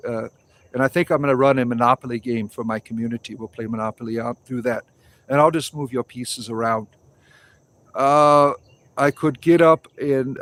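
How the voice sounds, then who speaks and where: A man in his forties hosting a casual livestream outdoors, rambling through viewer comments and swearing freely. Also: mid-range voice. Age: 40s. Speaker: livestream host.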